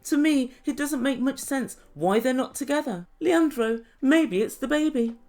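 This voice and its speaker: A woman recapping reality TV episodes in a sarcastic, gossipy tone with dramatic pauses. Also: high voice, dark tone. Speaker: reality TV reviewer.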